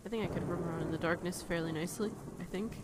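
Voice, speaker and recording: A woman's voice: on the low side, racing, heavy background noise. A young woman giving commentary while she plays a horror game, nervous and jumpy, with bursts of laughter and swearing when something frightens her. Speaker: let's play gamer.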